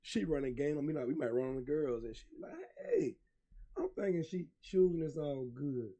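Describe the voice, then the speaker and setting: A man with an Atlanta accent telling a story in casual podcast chat, animated and laughing as he acts out his own quoted lines. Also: a little high, a little fast. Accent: Southern US, Atlanta. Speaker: podcast co-host.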